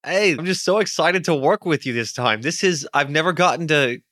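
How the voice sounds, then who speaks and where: A man voicing an eager, nervous young male gang member in a tabletop game, his voice cracking up high. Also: lively intonation, a little fast, sharp tone, dry recording, studio quality.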